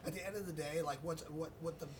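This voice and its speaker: A man's voice: steady tone, fast. A man in casual podcast chat, talking in a loose, reflective way with many fillers. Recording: noisy with low rumble, distant from mic.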